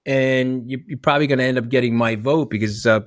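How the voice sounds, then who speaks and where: Middle-aged man, podcast host, casual conversational questions, mid-pitched voice, dry close sound. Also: fairly even intonation, fairly quick, dry recording. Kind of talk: interview conversation.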